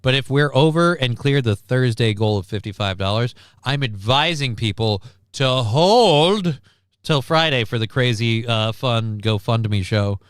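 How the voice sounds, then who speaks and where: A man's voice: mid-range voice, lively intonation, unhurried, clear, resonant tone, dry recording. A man hosting a casual live stream, rambling and wry with crude asides, reading out and thanking viewers. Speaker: stream host.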